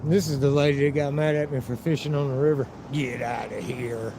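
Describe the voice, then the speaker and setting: A man's voice: on the high side, little pitch movement, fast talker, noisy background. A man live-streaming while walking outdoors, telling rambling, profanity-filled stories and acting out what people said. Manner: profane, rambling storyteller who acts out quotes. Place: outdoors by a river and town streets.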